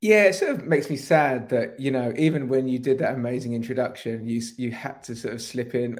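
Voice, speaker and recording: A man's voice: mid-range voice, a little fast, hardly any pauses, darkish tone. A man co-hosting a casual football podcast, talking in a rambling, emphatic way. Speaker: podcast co-host.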